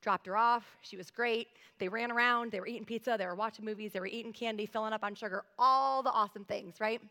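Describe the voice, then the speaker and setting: A woman's voice: fairly high pitch, fairly even intonation, fast, pushed and bright. A woman in her thirties preaching a sermon as pastor, earnest and conversational, speaking straight to her congregation. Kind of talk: sermon with personal story. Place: church sanctuary. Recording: long hall reverb.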